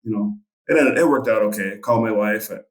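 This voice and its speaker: A man's voice: fairly low pitch, quick pace, roomy sound. A middle-aged man and fishing guide, telling a story casually in a rambling way with many fillers. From Montana.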